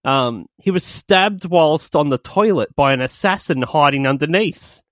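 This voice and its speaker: A man's voice: a little high, lively intonation, unhurried, fairly bright tone, no room sound, clean studio sound. Giggly male podcast host. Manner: giggly, joking storyteller. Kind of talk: casual comedy banter.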